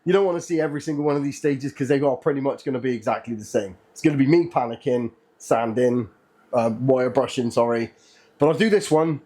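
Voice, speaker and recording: A man's voice: mid-range voice, brisk. A man hosting his own video, talking casually and a bit nervously as he narrates a hands-on job step by step. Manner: chatty, nervous and excitable, thinking aloud as he works. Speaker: channel host.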